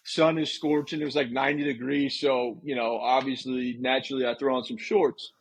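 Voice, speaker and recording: A man's voice: medium pitch, fairly even intonation, brisk, slightly rough, rough recording. A man co-hosting a podcast, telling stories in a laid-back, chatty way. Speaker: podcast co-host. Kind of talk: casual chat.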